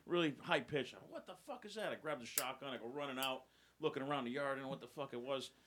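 A man's voice: medium pitch, steady tone, quick pace, a bit bright. A man telling a vivid, profane story in casual studio chat. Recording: crowd chatter behind.

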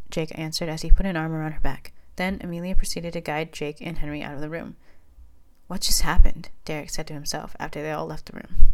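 A woman with a deep, low voice reads a fan story aloud as storybook narration. Her delivery is steady and plain, one voice carrying the whole tale. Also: clean tone. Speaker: fanfiction reader.

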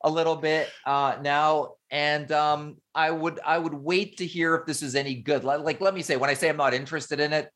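A man's voice: a little high, steady tone, normal speed, few pauses, a bit bright. A man co-hosting a casual chat, speaking hesitantly with many fillers and laughing easily. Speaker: podcast co-host.

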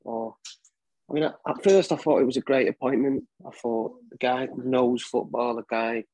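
A man on a casual podcast panel, talking haltingly with false starts. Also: mid-range voice, fairly even intonation, a little mellow, no room sound, lo-fi sound. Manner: hesitant, halting. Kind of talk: casual chat.

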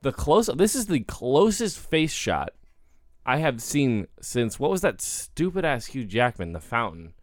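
A man's voice: medium pitch, unhurried, no echo, clean studio sound. A man co-hosting a movie podcast, chatting casually and jokingly with lots of fillers. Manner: animated, jokey, lots of fillers. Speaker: podcast co-host. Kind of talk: casual movie review chat.

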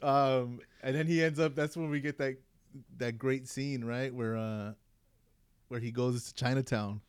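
Animated man retelling a movie. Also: mid-range voice, unhurried, clear, resonant tone, dry recording. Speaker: podcast co-host. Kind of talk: casual movie rewatch chat.

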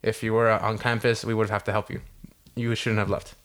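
A young man casually telling a story on a podcast, animated and swearing a lot, acting out what people said. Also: on the low side, brisk. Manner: animated, heavy swearing, acts out quotes. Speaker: podcast co-host.

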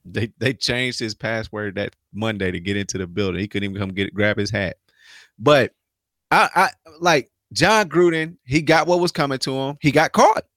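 A man's voice: mid-range voice, fairly bright tone, dry recording, clean studio sound. A man co-hosting a sports podcast, talking loosely and joking, laughing often. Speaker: podcast co-host. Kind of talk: casual sports chat.

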